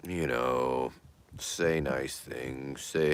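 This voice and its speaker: A middle-aged man hosting a livestream, chatting in a rambling, profane way that often trails off softly. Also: deep voice, expressive, moderate pace. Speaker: livestream host. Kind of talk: rambling casual livestream chat.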